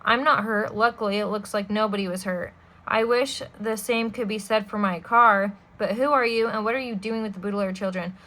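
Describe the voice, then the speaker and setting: A woman plays a fussy, stiff gentleman who scolds children in a prim, stern way. The voice stays bright and clear. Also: medium pitch, steady tone, brisk, natural voice. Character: stiff, fussy adult male banker.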